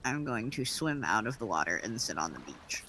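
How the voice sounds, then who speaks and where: A man playing a tabletop game who talks haltingly and stumbles over his words. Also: on the low side, big pitch swings, sharp tone, slight background noise. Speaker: player. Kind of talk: tabletop role-play.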